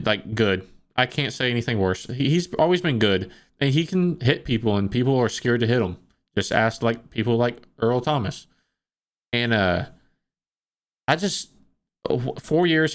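A man co-hosting a sports podcast in a relaxed, hesitant way, with many "uh" and "like" fillers. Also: mid-range voice. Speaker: podcast co-host. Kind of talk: casual sports chat.

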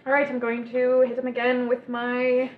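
A woman plays a tabletop game, thinking aloud with "um" before each move. Her voice is a little high. She is far from the mic in an echoing room, with clear background hiss. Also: monotone, normal speed, narrow, tinny audio. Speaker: player. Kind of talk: casual tabletop game play. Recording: distant, echoey, noisy mic.

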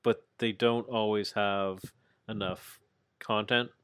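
A man co-hosting a podcast, chatting casually about wrestling and retelling scenes with animated acted-out quotes. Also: lowish voice, slow pace, clean tone, dry recording. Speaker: podcast co-host.

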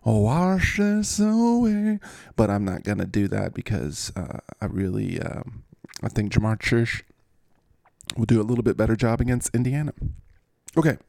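A man's voice: lowish voice, fairly even intonation, normal speed, creaky, a little mellow, no room sound. Playful man hosting a sports podcast. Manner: goofy, playful. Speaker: podcast host. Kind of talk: casual fantasy sports chat.

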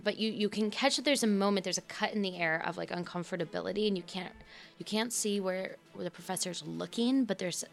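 A woman narrating a tabletop game scene as game master, relaxed and filled with ums and uhs. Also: on the low side, gravelly.

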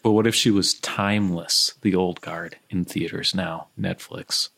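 A man hosting a casual movie podcast, jokey and quick to throw in silly bits. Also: fairly even intonation, gravelly, fairly bright tone. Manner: jokey, breaks into high silly voices. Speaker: podcast host.

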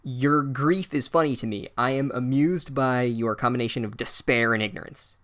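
A man's voice: medium pitch, normal speed, fairly bright tone, close to an everyday voice. A man voicing a smug, condescending old male wizard headmaster, pompous and drawling.

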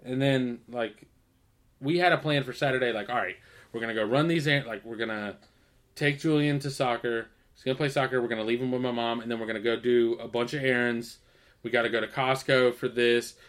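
A man's voice: mid-range voice, steady tone, brisk. A man in his thirties co-hosting a podcast, ranting profanely about everyday annoyances and laughing often. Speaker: podcast co-host. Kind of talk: casual chat.

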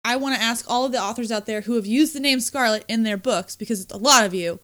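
A woman's voice: on the high side, quick pace, fairly bright tone. A young woman co-hosting a book podcast, talking casually and animatedly, often asking rhetorical questions. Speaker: podcast co-host.

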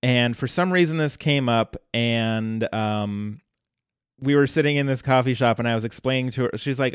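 A man hosting a podcast, casually retelling a cartoon episode at length in a relaxed storytelling manner. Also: mid-range voice, moderate pace, smooth, dry recording, studio quality. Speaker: podcast host.

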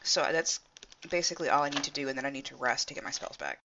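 A woman playing a tabletop role-playing game, speaking in a quick, offhand way. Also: extremely low pitch, lo-fi sound, noisy background. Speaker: player. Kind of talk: casual tabletop play.

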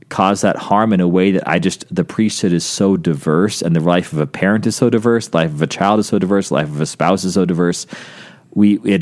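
A man's voice: low voice, darkish tone. A man speaking earnestly about faith in a reflective podcast conversation, often restarting his sentences.

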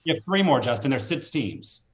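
A man in a casual group chat, reading off facts quickly and teasing the host. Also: medium pitch, very animated, husky.

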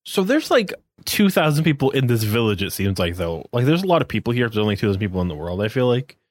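A man's voice: medium pitch, sing-song, fast, no echo. A man co-hosting a podcast, talking casually in a rambling, wry way with many fillers. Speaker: podcast co-host.

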